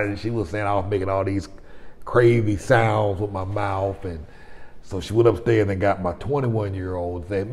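Low-voiced man telling a story in reverb. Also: fairly even intonation, moderate pace, darkish tone. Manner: rambling, conversational, frequent restarts. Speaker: vlogger host. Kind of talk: casual storytelling to camera. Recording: long reverb.

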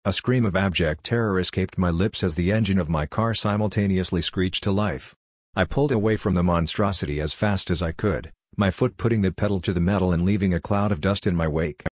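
A man narrating a scripted horror story in a measured, subdued way. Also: sits low, no room sound, clean studio sound.

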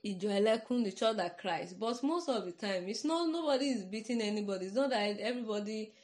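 A woman's voice: medium pitch, expressive, fairly quick, a little mellow. A Nigerian-accented woman preaching in an informal podcast sermon, earnest and conversational, often checking "you understand?".

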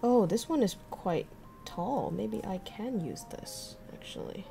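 A young woman talks her viewers through what she's doing in an unhurried, chatty way. She thinks aloud and talks back to her chat as she goes. Faint music plays behind her. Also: medium pitch, expressive, creaky. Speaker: streamer. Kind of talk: casual livestream chat while crafting.

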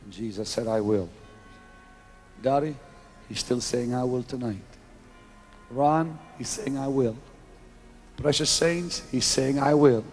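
Slow dramatic preacher man, soft music. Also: mid-range voice. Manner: dramatic swings from loud exclamation to hushed whisper; slow, drawn-out delivery. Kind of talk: revival sermon. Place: large arena crusade. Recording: 1990s live event recording with faint music.

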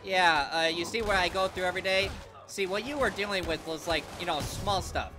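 A man's voice: high-pitched, a little fast. A young man doing goofy let's play commentary with crude jokes. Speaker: gaming YouTuber. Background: game music.

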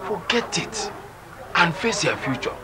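A blunt friend who lectures with a lively, slightly high voice. Clear background noise sits under his lines. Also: measured pace. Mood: lecturing. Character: blunt friend telling him to give up.

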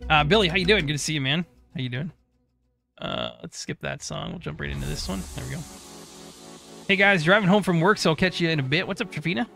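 A man's voice: a little high, fast, vocal fry, sharp tone, soft background music. A congested man hosting a co-op game live stream, casually greeting and thanking viewers one by one.

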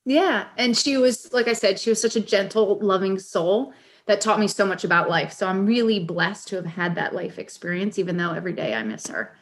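A woman's voice: mid-range voice, a little fast. A woman in her forties, a guest on a podcast, telling her story in an earnest, heartfelt, conversational way. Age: 40s. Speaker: guest, caregiver advocate and author.

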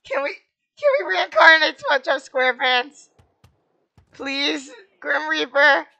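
Girl doing game commentary, super high voice, bright and sharp, goofy dramatic wailing. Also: big pitch swings, unhurried, vocal fry, lo-fi sound. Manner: playful, melodramatic wailing and shrieking. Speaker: gaming channel host.

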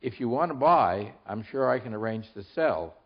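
A man's voice: medium pitch, expressive, moderate pace, breathy edge, highs cut off. An older man reading aloud and voicing a rude, mocking male bird from a storybook that twists every word. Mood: teasing. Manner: snappy wordplay retorts.

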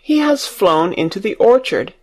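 A man's voice: high voice, sing-song, normal speed, darkish tone, heavily acted. A man doing a lonely imperious little girl.

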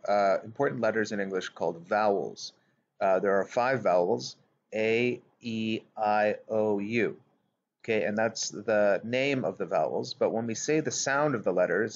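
A man teaching a phonics lesson, patient and careful, repeating vowel sounds and correcting his small slips. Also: on the low side. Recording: dull lo-fi recording.

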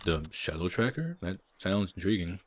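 A man reading the lines of Alex, a polite, calm young man in a game, in a flat way. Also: sits low, moderate pace, slight background noise.

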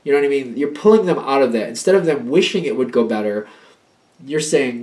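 A man giving a casual tarot reading. He talks in an animated, rambling way, repeating himself and acting out little pep talks. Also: mid-range voice, a little fast. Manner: animated, acts out little pep-talk quotes; rambling, repeats and restarts phrases. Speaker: tarot reader.

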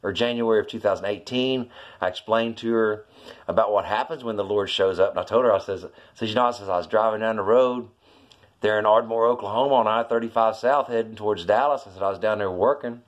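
A middle-aged man, telling a faith story in a rambling vlog, full of "you know" and "I says", his voice jumping high when excited. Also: quick pace, highs cut off. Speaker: vlogger telling a witness story. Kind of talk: casual storytelling testimony.

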